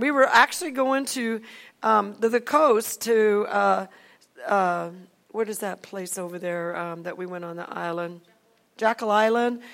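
High-voiced woman pastor telling a testimony. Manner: animated, with many restarts and acted quotes. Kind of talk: personal testimony storytelling.

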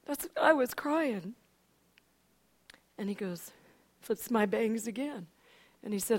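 An older woman telling an emotional personal testimony, animated, with frequent restarts and a voice that climbs and drops. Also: on the high side, slow pace, long pauses. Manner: animated storyteller, voice rises and falls, frequent restarts. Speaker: speaker giving a testimony.

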